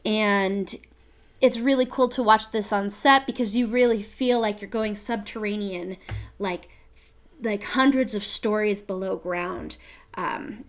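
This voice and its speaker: A woman's voice: mid-range voice, fairly bright tone. A woman co-hosting a casual chat, enthusiastically retelling a musical's plot and slipping into quoted voices. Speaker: podcast co-host.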